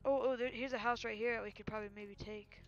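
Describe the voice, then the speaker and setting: A man talking fast and excitably while playing a survival game, his voice gravelly with fry. He jumps from one thought to the next in casual voice chat. The sound is dull and lo-fi, like a cheap headset mic. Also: extremely high pitch, faint music behind. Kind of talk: casual gaming chat over voice call.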